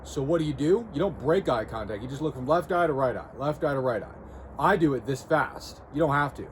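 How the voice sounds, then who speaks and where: Animated and fairly quick, a medium-pitched man coaches viewers bluntly in a self-improvement video, regularly checking in with "okay?" and "right?". The casual to-camera talk has slight background noise and music playing clearly.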